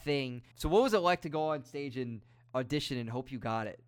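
A man's voice: medium pitch, brisk, clear, resonant tone. A young man hosting a casual interview, encouraging and laughing along with his guest. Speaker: host.

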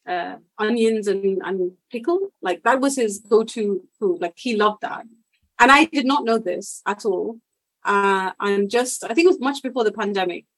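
A woman's voice: medium pitch, no echo, poor audio. A woman born in India talking as a podcast guest in casual interview conversation, reflective and full of fillers and restarts, laughing often.

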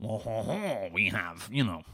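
A man voicing a snooty, smug French fencer in a mock French accent, with an affected, breathy manner. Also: lowish voice, big pitch swings, measured pace, pushed and bright, dry recording, studio quality, heavily acted.

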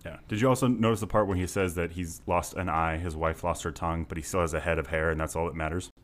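A young man with a very low voice who talks fast. He co-hosts a movie podcast, blunt and teasing, swearing freely. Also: fairly even intonation. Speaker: podcast co-host. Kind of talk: casual movie-review chat.

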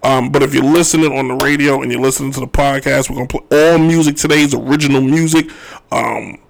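A man hosting a sports talk radio show, ranting his opinions in an animated, joking way. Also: medium pitch, fast talker, gravelly.

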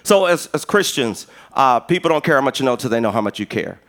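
A middle-aged man preaching a sermon as pastor, an animated, joking storyteller who acts out conversations. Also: mid-range voice, fairly quick.

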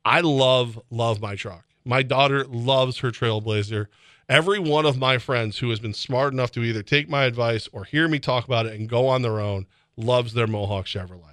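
A man hosting a sports radio show, excitable and rambling, often laughing as he talks. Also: medium pitch, moderate pace, no echo, clean studio sound. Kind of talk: casual sports radio banter. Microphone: studio microphone.

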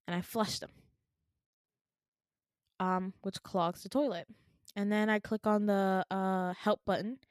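Chatty young woman, mid-pitched, dry close sound, casual storyteller. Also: no echo. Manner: chatty and animated, with frequent fillers and laughter. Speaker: podcast host.

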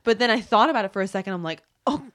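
A woman's voice: mid-range voice, fairly bright tone. A woman co-hosting a podcast, chatting playfully as she recaps a trivia game. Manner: chatty, playful, quick to laugh. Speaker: podcast co-host.

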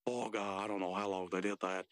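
A man with a fairly low voice, co-hosting a casual podcast and retelling a cartoon's plot. He tells it loosely, wandering into asides along the way. The sound is dry and close to the mic. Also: flat delivery, a little fast, smooth, no room sound. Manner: loose, rambling storytelling with asides. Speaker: podcast co-host. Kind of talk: casual chat recapping a cartoon.

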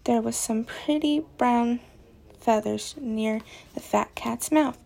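A woman reading a children's story aloud in a slow, deliberate storybook cadence. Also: fairly high pitch, gravelly, darkish tone. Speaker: story reader.

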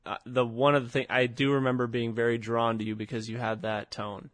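A man's voice: mid-range voice, level tone, brisk, no echo. Rambling young man, dry close sound. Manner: rambling, lots of fillers and laughs. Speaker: podcast host. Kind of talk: casual chat.

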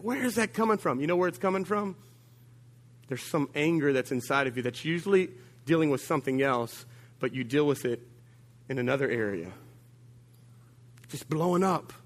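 A man preaching a sermon to his congregation in a slightly high voice. He tells stories with humour, jumps suddenly in pitch and loudness, and calls out to his listeners. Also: normal speed, long pauses. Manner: humorous, animated storytelling with big swings of pitch and volume; addresses the congregation directly with call-outs. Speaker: pastor.

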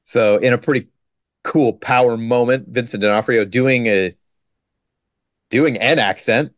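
A man on a podcast, recapping a movie in casual, joking chat and tossing in quick mock quotes. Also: mid-range voice, no echo, studio quality. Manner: joking, sarcastic, quotes scenes in quick put-on lines. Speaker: podcast co-host.

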